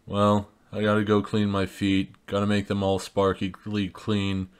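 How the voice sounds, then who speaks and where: A man dubbing a comedic cartoon parody, delivering absurd lines in a deadpan, unhurried way. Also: lowish voice, clear, resonant tone. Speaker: parody dub voice actor.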